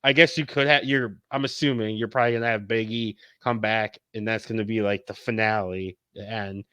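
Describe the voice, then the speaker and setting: A man's voice: lowish voice, steady tone, fairly quick, pushed and bright, clear, resonant tone, no echo. A man co-hosting a podcast, joking casually and swearing for emphasis. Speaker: podcast co-host.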